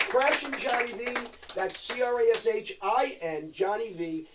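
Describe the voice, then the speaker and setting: A man's voice: sits high, animated, moderate pace, few pauses, heavy background noise. Middle-aged guy rambling and cracking jokes, cussing, kinda far from the mic. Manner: rambling, joking, loud bursts and profanity. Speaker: actor guest. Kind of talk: joking live-stream chat.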